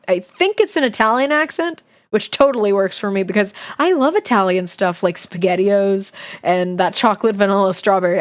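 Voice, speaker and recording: A young woman streamer reading a children's diary book aloud and stopping to giggle and chat about it. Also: medium pitch. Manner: giggly, chatty, breaks off the reading to react.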